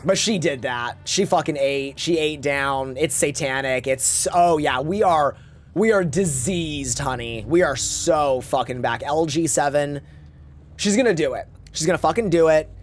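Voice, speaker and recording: A man's voice: a little high, unhurried, slight background noise. A man streaming a game, chatting casually in a rambling way with campy slang and reading chat aloud. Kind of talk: casual live-stream chat while gaming.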